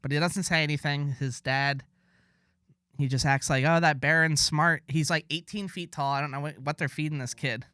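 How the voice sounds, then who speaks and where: A man co-hosting a casual podcast, spinning long sarcastic tangents with mock boasting. His voice sits a touch high for a man, recorded close and completely dry with no room sound. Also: steady tone, moderate pace, fairly bright tone, dry recording. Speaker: podcast co-host.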